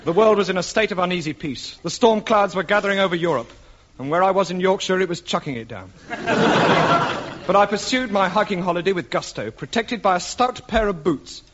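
A man narrating a comic radio sketch in a melodramatic storyteller's manner, with deadpan asides. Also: sits high, a little fast. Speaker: comedy performer. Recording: lo-fi old radio recording, heavy hiss.

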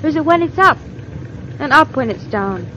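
An actress voicing a lively, teasing young wife in an old radio drama. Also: female voice, high voice, normal speed, a little hiss or hum. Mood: playful. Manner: bright, teasing and eager. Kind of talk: 1940s radio acting. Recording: muffled old radio transcription.

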